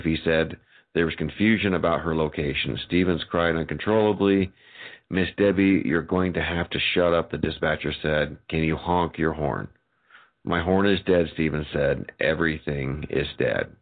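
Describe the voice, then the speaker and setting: Very deep-voiced man reading news over a tinny line. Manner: reads haltingly with fillers and restarts. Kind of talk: reading a news story aloud. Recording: tinny phone-like audio.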